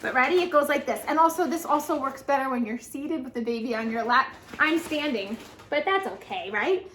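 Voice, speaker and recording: A young adult woman, a children's librarian, reading a picture book aloud and leading lap-bounce songs in a sing-song, animated storytime voice. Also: sits high, fairly quick. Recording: echoey room with faint noise.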